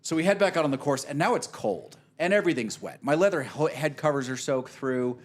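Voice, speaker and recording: A man's voice: mid-range voice, brisk. A man casually telling a long golf story, swearing freely and acting out what people said. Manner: animated, profane storyteller who acts out quotes.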